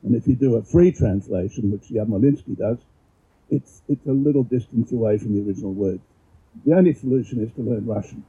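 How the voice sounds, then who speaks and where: Guy with a really husky mellow voice, halting, keeps restarting words, dull lo-fi recording. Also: mid-range voice. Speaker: presenter. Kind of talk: informal explanatory talk and poetry reading.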